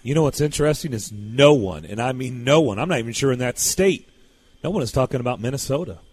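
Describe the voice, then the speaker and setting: Male radio sports host, playful and relaxed in the conversation. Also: mid-range voice, fast talker, breathy edge, no room sound. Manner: jokey, wraps up the segment.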